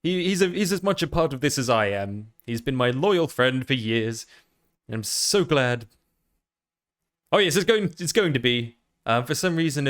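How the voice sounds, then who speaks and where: A man chatting on a livestream in the persona of a vampire lord, easily distracted and quick to thank new followers. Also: fairly high pitch. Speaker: VTuber streamer.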